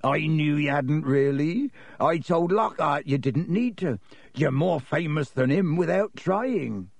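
A man voicing a huge, gruff but kindly gamekeeper who growls his words. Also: a little high, lively intonation, unhurried, dry recording, pitched above the performer's own voice, exaggerated voice. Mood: teasing. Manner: growling, hearty.

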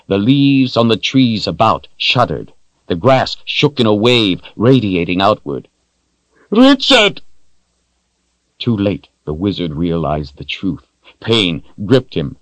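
A man reading a fantasy novel aloud in a steady, grave storytelling manner. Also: on the low side, a little slow, dry recording, poor audio. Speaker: audiobook narrator. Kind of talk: scripted fantasy narration.

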